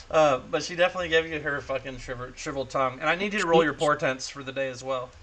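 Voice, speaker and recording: A young man narrating a tabletop game as game master, in a casual, profane, animated way. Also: on the high side.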